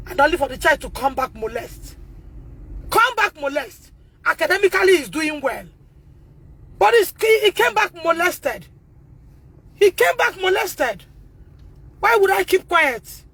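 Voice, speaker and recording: A Nigerian woman with a Nigerian English accent, speaking out on a phone livestream, emotional and repetitive, rising to shouts and tearful at times. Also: high voice, low-quality recording. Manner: emotional, repeats herself, rises to shouting. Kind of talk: impassioned livestream testimony.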